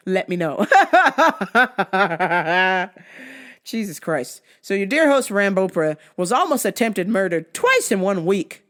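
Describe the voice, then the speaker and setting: A woman's voice: medium pitch, a bit bright. A woman hosting her own podcast, telling comic stories with a lot of swearing and laughter. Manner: profane, laughing often. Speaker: podcast host. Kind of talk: casual comic storytelling.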